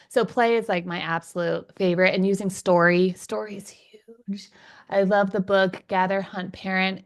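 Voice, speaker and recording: A woman's voice: mid-range voice, vocal fry. A woman in her forties, a parenting coach and podcast host, talking enthusiastically in an interview and laughing often. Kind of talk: conversational interview.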